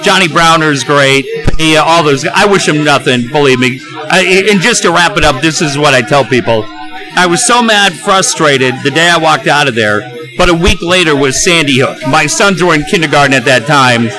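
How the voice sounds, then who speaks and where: High-voiced profane middle-aged storyteller. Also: male voice, moderate pace, low-quality recording. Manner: animated, profane, acts out quoted dialogue. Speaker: radio host as guest. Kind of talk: casual storytelling. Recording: music playing behind the voice.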